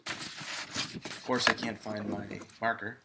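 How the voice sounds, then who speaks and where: A male high school English teacher giving a recorded video lesson, talking to viewers in a conversational way with frequent fillers. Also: little pitch movement, slow, creaky, heavy background noise.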